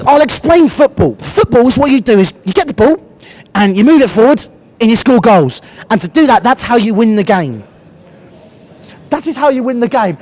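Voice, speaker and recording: High, lively young British man ranting. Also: normal speed. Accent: British English. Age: young adult. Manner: passionate, blunt, swearing, ranting. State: has a cold, voice cracking. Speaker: football fan reviewer. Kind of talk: heated fan rant to camera.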